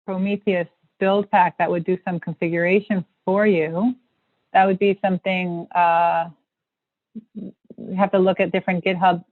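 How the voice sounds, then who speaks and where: A woman with a lowish voice appears as a guest on a livestream video call, presenting a technical topic. She rambles, with many fillers and restarts, over a tinny, phone-like line with no room sound.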